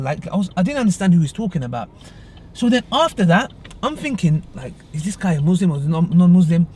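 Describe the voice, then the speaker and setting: A man's voice: high-pitched, very animated, fast, a little mellow, a little hiss or hum. A young man, casually retelling a road argument in a vlog from his car. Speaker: vlogger. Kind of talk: casual storytelling.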